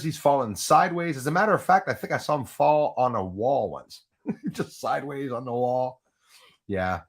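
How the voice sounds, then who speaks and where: A man rambling through a casual live stream from his home setup. He restarts his sentences often and laughs at his own jokes. He talks into a USB microphone. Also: mid-range voice. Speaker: livestream host. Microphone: Yeti USB microphone.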